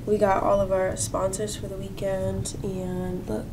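A young woman vlogging casually from a hotel room, gushing and excitable, sometimes dropping to a whisper. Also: medium pitch, a little slow, few pauses, echoey room, far from the mic, noisy background. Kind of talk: casual vlog chat.

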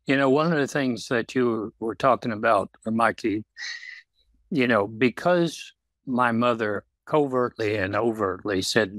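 An older man speaking slowly and haltingly in a reflective podcast conversation, pausing often and restarting his sentences. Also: mid-range voice, fairly bright tone, no room sound. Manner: slow, halting, with many pauses and restarts. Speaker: guest.

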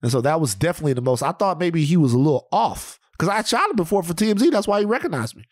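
A man's voice: on the high side, big pitch swings, rapid-fire, no room sound, clean studio sound. A man hosting a podcast, telling rambling, profane stories in casual chat. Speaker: podcast host.

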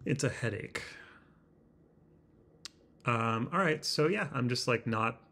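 A man talking to his laptop camera in a house, halting and self-deprecating, searching for his words, with a slightly constricted sound in his throat. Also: mid-range voice, expressive, creaky, pushed and bright. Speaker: vlogger. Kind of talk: rambling self-conscious vlog. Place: indoors in a house. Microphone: laptop webcam.

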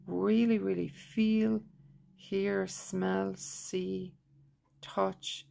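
A woman teaching a tapping technique, leading slow, repetitive guided affirmations in a soft voice. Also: mid-range voice, flat delivery, a little hiss or hum. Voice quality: gravelly, husky voice.

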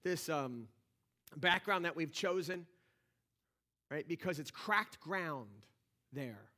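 A man's voice: on the high side, expressive, slow pace, sharp tone. A man preaching a sermon as pastor in a church, talking conversationally with lots of restarts and rising energy. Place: church sanctuary.

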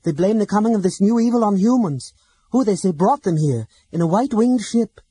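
A man reading an audiobook, voicing a young elf woman who speaks tensely and emphatically in a husky voice. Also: extremely high pitch, sing-song, moderate pace, dark tone, no echo, voice pushed up, full character voice. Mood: urgent. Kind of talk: audiobook character voice.

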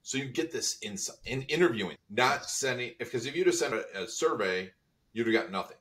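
A man's voice: medium pitch, expressive, fairly quick, a bit bright, distant mic. A man hosting an interview podcast, mostly short agreeing replies and follow-up questions. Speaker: podcast host. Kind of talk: interview chat.

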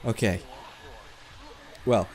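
A man giving sarcastic, joking commentary while playing a horror game, talking back to the characters and yelping and swearing when startled. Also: very slow. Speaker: gaming video host. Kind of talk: let's play commentary.

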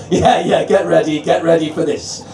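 Scouse stand-up compere, male, high bright-ish voice but mellow tone, heard from a distance in an echoey club. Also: fairly even intonation, measured pace, creaky, slight background noise. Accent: Liverpool. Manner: swearing, chatty, crowd-teasing. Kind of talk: stand-up comedy set. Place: live comedy venue.

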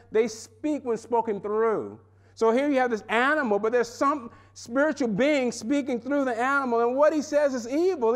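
A man preaching a sermon in a seminary chapel, animated, with wide swings from loud and high to low and hushed. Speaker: pastor.

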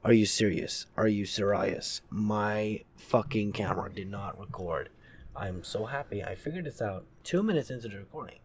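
A young man with a sick, raspy voice, cursing and reacting jumpily while playing a horror game. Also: lowish voice, moderate pace, a crowd in the background. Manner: profane, jumpy, talks to himself. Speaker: gaming let's-player.

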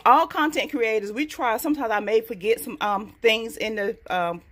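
A woman vlogging about coupon deals, talking casually to camera. She is very excitable and gets loud when thrilled, but talks more quietly while in the store. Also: a little high, normal speed. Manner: hushed in the store.

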